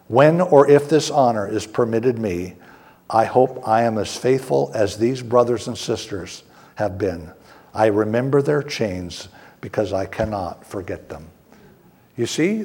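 A man preaching a sermon, earnest and deliberate, slowing down to stress key words. His voice is somewhat husky. A long hall reverb trails behind him. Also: mid-range voice, dark tone. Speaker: pastor.

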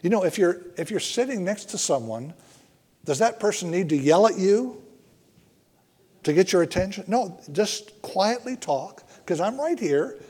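A man preaching a sermon in an earnest way, often slowing down and dropping to a hush for emphasis. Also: sits high, lively intonation, husky. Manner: earnest, slows and softens for emphasis. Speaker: pastor.

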